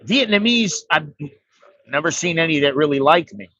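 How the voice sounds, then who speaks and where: A man's voice: on the high side, animated, moderate pace, sharp tone, no echo. An American man telling a rambling, profane story in a blunt, casual way as an expat vlogger. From United States. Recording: dry, slightly dull recording.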